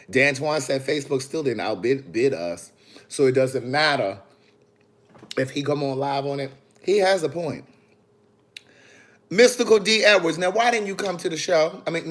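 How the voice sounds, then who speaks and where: A man, an author, chatting on a phone livestream in a sassy, animated way, talking straight to his viewers. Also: on the high side. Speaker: author hosting a live video. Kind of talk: casual livestream chat. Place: in the city after a book event.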